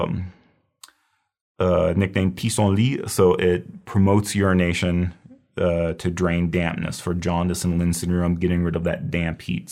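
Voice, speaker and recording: A man's voice: low voice, a little mellow. A man giving a casual, explanatory recorded lecture on herbal medicine, repeating key terms as he goes.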